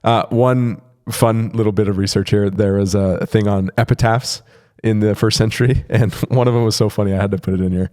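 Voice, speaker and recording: A man's voice: fairly low pitch, steady tone, fairly quick, darkish tone. A man co-hosting a church podcast, chatting casually about the Bible, laughing often and reading scripture aloud. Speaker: pastor and podcast co-host. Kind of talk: casual Bible study chat.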